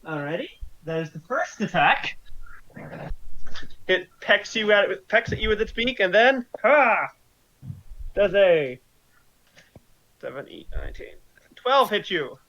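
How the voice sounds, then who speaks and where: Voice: medium pitch, very animated, measured pace, long pauses, a bit bright. A game master running a tabletop game, counting dice rolls aloud and laughing often. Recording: slightly dull lo-fi sound.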